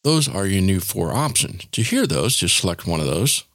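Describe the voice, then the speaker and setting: A man hosting a casual software tutorial, explaining each step in an informal, demonstrative way. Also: low voice, sing-song, moderate pace, no room sound, clean studio sound. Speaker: tech tutorial host.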